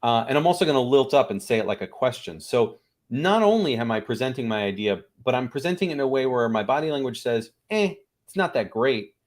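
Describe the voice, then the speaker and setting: Animated man telling improv stories. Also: medium pitch, quick pace. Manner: animated, acts out little voices in his stories. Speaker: improv teacher and guest. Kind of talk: casual interview chat.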